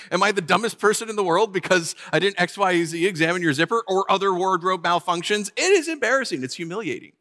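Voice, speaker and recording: A man preaching a sermon, telling a funny personal story with lively, animated delivery. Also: high-pitched. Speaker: pastor.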